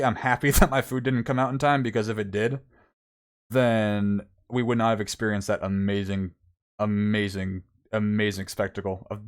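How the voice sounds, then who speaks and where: A young man streamer telling a long story in casual chat, rambling with many fillers and acting out what people said. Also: lowish voice.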